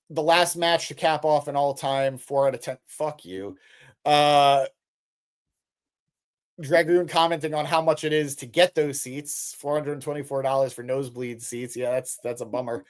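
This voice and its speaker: A man's voice: a little high, clean tone. Chatty man reading live chat aloud. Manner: reads chat comments aloud and swears jokingly. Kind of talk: casual live stream chat.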